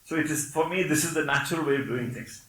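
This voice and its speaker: A man's voice: fairly high pitch, quick pace, bright, forceful tone, reverberant, rough recording. An older man from Kerala, whose first language is Malayalam, speaks English with a Malayali accent while giving a lecture, explaining patiently and checking in with "Okay?". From Kerala, India. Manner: explanatory, with frequent "Okay?" checks and wry laughs.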